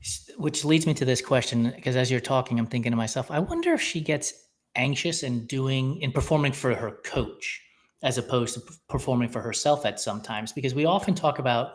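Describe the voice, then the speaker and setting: A man's voice: medium pitch, brisk. A man hosting an interview podcast, asking long, reflective questions in a casual tone. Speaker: podcast host.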